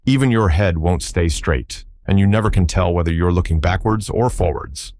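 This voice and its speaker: A man's voice: low-pitched, moderate pace, darkish tone, close to an everyday voice. Brief: a surly, insulting sawhorse with a sneer, voiced by a man. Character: rude grumbling male wooden sawhorse, sneering.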